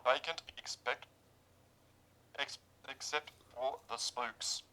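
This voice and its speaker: A man's voice: medium pitch, fairly even intonation, takes it slowly, sharp tone, rough recording. An Australian man co-hosting a radio show, reading odd news stories aloud and stumbling over the words. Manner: stumbling, tongue-tied reading, dry comebacks. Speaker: co-host reading news items.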